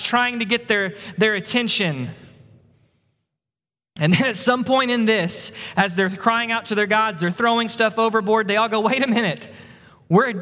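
A man's voice: high voice, pushed and bright, in a large hall. A man preaching a sermon, explaining a scripture passage and painting the scene vividly for his listeners. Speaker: pastor.

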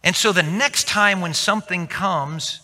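A male pastor with a very bright, tense voice that sits a little high for a man. He delivers a sermon in a church sanctuary, acting out the people in his stories, and his voice rings with the long reverb of a big hall. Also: a little slow. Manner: storytelling, acting out quoted voices.

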